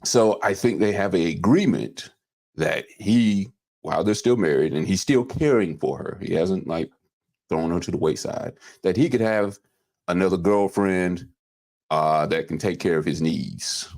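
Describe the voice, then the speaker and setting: A man's voice: sits low, unhurried, darkish tone. A man hosting a podcast in easygoing casual chat, leading the conversation into each topic. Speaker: podcast host.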